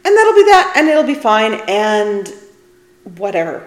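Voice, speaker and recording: A woman's voice: fairly high pitch, sing-song, unhurried. A middle-aged woman hosting her own podcast, talking casually and candidly with a self-deprecating streak. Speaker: podcast host. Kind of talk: casual solo podcast talk. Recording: echoey room.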